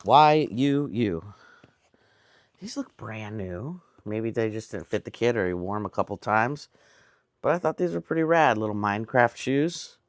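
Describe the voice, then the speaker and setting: A man's voice: on the low side, expressive, measured pace, dry recording. A man with an American accent talking casually at home as he shows off his yard sale finds, rambling and amused at himself. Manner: chatty, rambling, self-amused. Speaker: reseller showing a haul. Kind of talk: casual vlog talk. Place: home indoors.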